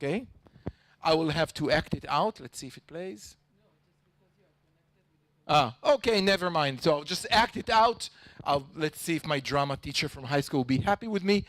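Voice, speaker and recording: Guy presenting at a panel, lively, higher voice, dry close sound. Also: no echo, rough recording. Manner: lively, acts out tones of voice. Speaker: panel speaker, researcher. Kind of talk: conference talk.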